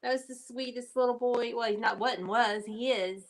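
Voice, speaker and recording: A woman's voice: fairly high pitch, fairly even intonation, moderate pace. A woman hosting a live craft stream, chatting to viewers as she paints. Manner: chatty, talks straight to viewers while working. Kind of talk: casual live-stream chat.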